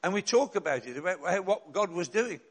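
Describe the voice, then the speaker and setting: A middle-aged man preaching a sermon as pastor, telling stories and slowing down to stress key words. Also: high-pitched, expressive, breathy edge. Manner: storytelling, slows and rises for emphasis.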